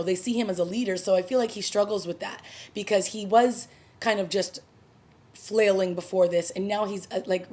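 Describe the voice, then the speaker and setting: A woman's voice: mid-range voice, mellow. A woman casually reviewing a TV episode, recapping the plot in a chatty, conversational way. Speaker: TV review vlogger.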